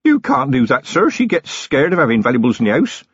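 A man's voice: on the high side, huge pitch swings, normal speed, husky, no room sound, voice pushed up, exaggerated voice. A man reading a novel aloud, voicing an earnest young village constable who is eager, deferential and boyish. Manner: eager and deferential, lots of "sir". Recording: dull lo-fi audiobook recording.

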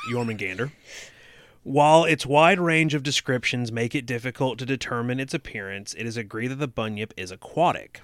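A man's voice: mid-range voice, moderate pace, a bit bright, no echo. A young man co-hosting a podcast, reading aloud and chatting casually, cracking dry jokes and swearing. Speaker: podcast co-host.

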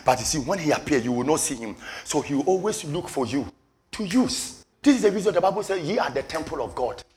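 A man preaching a sermon with passion, repeating phrases for emphasis and swinging from low murmurs to shouted peaks. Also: very animated, a little fast.

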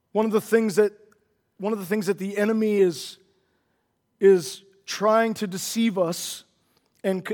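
A man delivers a sermon in a noticeably high voice. He speaks earnestly, doubles back on his words, and presses toward emphatic statements. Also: a little mellow, big-room sound. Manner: earnest, repeats words, builds to emphatic declarations. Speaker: preacher.

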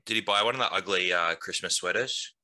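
A young man with a very deep voice that still sounds sharp and bright, co-hosting a casual podcast. He talks in an offhand, wry way. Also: fairly quick, poor audio. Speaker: podcast co-host. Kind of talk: casual chat.

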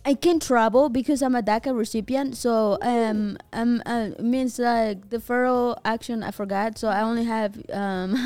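A woman hosts a podcast in a slightly high voice. She speaks casually and laughs often, dropping "dude" and "like" between thoughts. The mood stays easy and conversational. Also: a little slow, few pauses, mellow, clean tone, no echo. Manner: laughing, loose, full of "dude" and "like". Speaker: podcast host. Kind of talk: casual chat.

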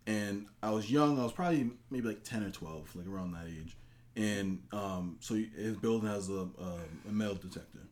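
A man's voice: lowish voice, moderate pace, darkish tone. A young man telling a long story in casual chat, acting out the quotes with a rising voice. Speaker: podcast co-host.

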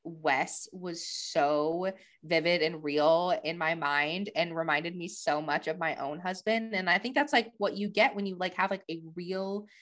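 A woman's voice: lowish voice, steady tone, unhurried, fairly bright tone. A woman co-hosting a podcast, rambling enthusiastically about a book character. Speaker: podcast co-host. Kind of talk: casual podcast chat.

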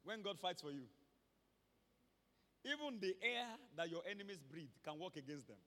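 A man with a Nigerian accent preaching a sermon to his church, emphatic and rising from quiet talk to shouts. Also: high-pitched, lively intonation, normal speed. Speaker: pastor. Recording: long hall reverb.

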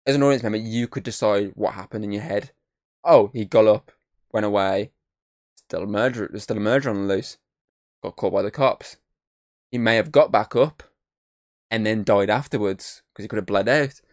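A man's voice: fairly low pitch, normal speed, pauses often, no room sound, clean studio sound. A man giving a casual, rambling film review, swearing freely and humming bits of tunes.

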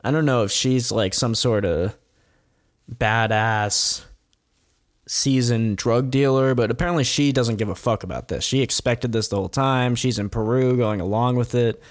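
A man with a medium-pitched voice at normal speed recaps a documentary's story in a casual, animated way, swearing often and laughing as he goes.

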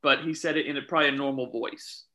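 A man chatting casually, telling animated stories about refereeing youth soccer and quoting the people involved. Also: medium pitch, fast, low-quality recording. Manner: animated storyteller, quotes himself and others. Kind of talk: casual chat, storytelling.

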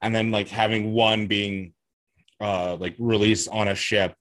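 A man with a fairly low voice, chatting casually on a podcast. He rambles and hesitates, circling back through fillers as he works out his point, and the sound is dry and close. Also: flat delivery, a little slow, a bit bright, no echo. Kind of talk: casual chat.

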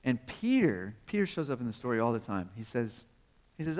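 This preacher has a mid-range, sing-song voice that's a little fast and a little mellow. He tells his sermon like a conversation, asks rhetorical questions, and keeps chuckling, all echoing with the long reverb of a large hall.

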